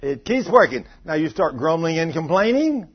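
A man's voice: a little high, big pitch swings, normal speed, breathy edge. A man preaching a folksy, conversational sermon and acting out the voices he quotes. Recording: muffled lo-fi recording.

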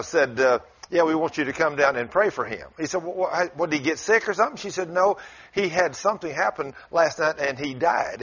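A man who preaches, telling a story in easy conversation, folksy and chuckling through it. His voice sits a little high for a man. The recording is dull and lo-fi. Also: fairly bright tone, husky.

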